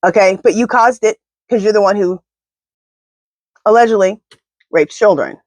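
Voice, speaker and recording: A woman's voice: mid-range voice, moderate pace, a little mellow, dry recording. Woman doing a chatty tarot read, blunt and fired up, dry close sound. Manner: talks to her spirit guides and pendulum, blunt and indignant. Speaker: tarot reader. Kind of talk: casual tarot reading monologue.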